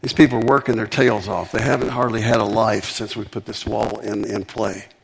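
A man preaching a sermon with emphatic, animated delivery and frequent repetitions. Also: lowish voice, a little fast, vocal fry, slightly rough.

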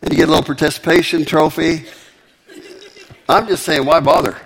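Gravelly, emphatic male preacher. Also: fairly high pitch, fairly quick, slight background noise. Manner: emphatic, animated preaching with repetitions. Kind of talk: sermon.

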